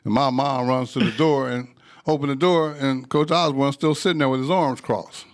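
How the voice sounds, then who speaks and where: An older man from Texas, telling animated stories as a podcast guest. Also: medium pitch, normal speed. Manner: animated, acts out voices in anecdotes. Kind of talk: storytelling in casual conversation.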